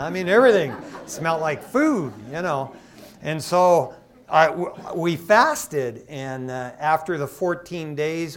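A middle-aged man from Michigan, an associate pastor, preaching a sermon in a casual, storytelling way with lively asides. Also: medium pitch. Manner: conversational, animated storytelling with asides.

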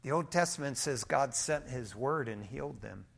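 A male pastor preaching a sermon, his volume swinging from hushed to emphatic, mixing everyday stories and light humor into Bible teaching. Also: mid-range voice, expressive, normal speed, vocal fry.

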